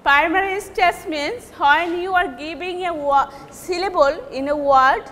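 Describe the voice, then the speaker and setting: A woman teacher with a Bangladeshi accent giving a recorded English lecture, repeating and stressing example words deliberately. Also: extremely high pitch, a bit bright, big-room sound, slight background noise.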